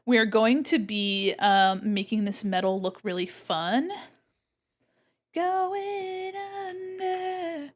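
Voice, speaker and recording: A woman's voice: medium pitch, fairly even intonation, a little slow, hardly any pauses. A woman streamer chatting casually while she draws. She is bubbly, greets her chat and exclaims often.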